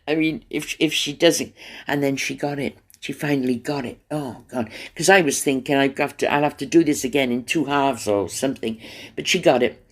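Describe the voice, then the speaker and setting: A radio show host telling a long, chatty story in a casual, rambling way, full of fillers and sudden jumps in pitch. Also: male voice.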